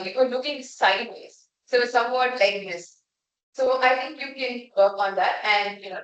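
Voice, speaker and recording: A woman's voice: on the high side, fairly bright tone. A young woman giving a frank, conversational evaluation of a speech at a club meeting, restarting her phrases now and then. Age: young adult. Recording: echoey room, voice from far off.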